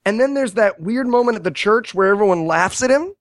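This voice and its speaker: A man casually retelling a movie's scenes with sarcastic jokes, animated and quick to mock. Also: high-pitched, dry recording. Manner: sarcastic, animated storytelling with quoted asides. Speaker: podcast co-host reviewing a movie. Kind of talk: casual comedic movie review chat.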